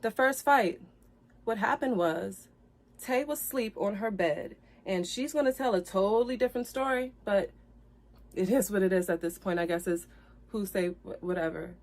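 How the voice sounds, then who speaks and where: On a live stream, a woman with an ordinary middle-pitched voice speaks straight to viewers about a painful breakup, upset and near tears. She repeats her own phrases at a moderate pace and gets loud and heated when she reaches the fights.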